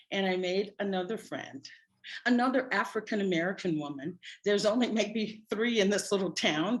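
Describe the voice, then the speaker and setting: A middle-aged woman, a spiritual practitioner, telling a personal story to her congregation in an animated, wry way. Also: mid-range voice.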